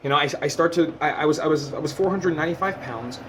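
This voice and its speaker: A man's voice: a little high, fast talker, slight background noise. Impassioned young man, swearing freely. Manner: impassioned and emotional, swears freely, stumbles over repeated words. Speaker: vlogger. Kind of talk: heartfelt personal monologue.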